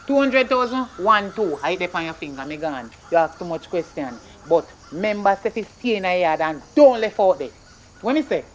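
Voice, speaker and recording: A performer playing a stern, broke Jamaican mother who scolds her son in rapid patois. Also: medium pitch, expressive, close to an everyday voice. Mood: scolding. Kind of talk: comedy skit acting.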